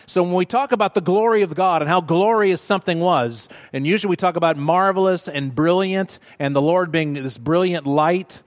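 A man preaching a sermon in a church, measured and emphatic, repeating words for stress. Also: sits high. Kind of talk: sermon teaching. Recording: long reverb of a large hall.

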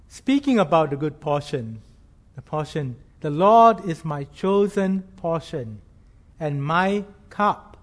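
A man preaching a sermon in an earnest, measured way, slowing down to stress key phrases. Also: on the high side.

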